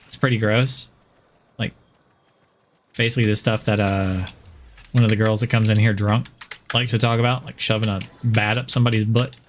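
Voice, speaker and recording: A man's voice: on the low side, level tone, normal speed, pauses often, a little hiss or hum. A man from the American South with no Southern accent, casually rambling and chuckling as he chats during a game stream. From Southern United States. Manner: rambling, chuckles often, many fillers. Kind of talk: casual gaming stream chat.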